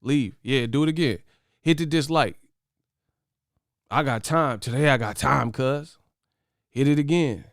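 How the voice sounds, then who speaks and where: A man's voice: medium pitch, unhurried, pauses often, no echo, studio quality. A man hosting a casual boxing commentary channel, brash, profane and mocking as he trash-talks to his viewers.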